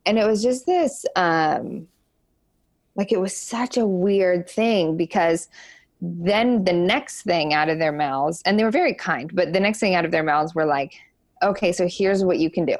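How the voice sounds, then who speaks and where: Young woman guest, low gravelly voice, frank halting storyteller, dry close sound. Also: no echo. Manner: halting, lots of "like" and "um" fillers; frank and open. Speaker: interview guest. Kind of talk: candid personal storytelling.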